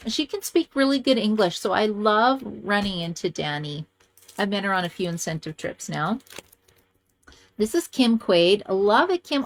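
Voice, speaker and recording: A woman hosting a card-making video, chatting casually and gushing as she shows cards to the camera. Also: normal speed. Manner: gushing, chatty, lively swings in pitch.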